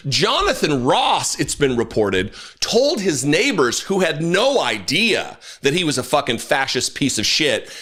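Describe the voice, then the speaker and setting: A man hosting his own political commentary show, angry and animated, with blunt swearing and quick asides. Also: on the high side.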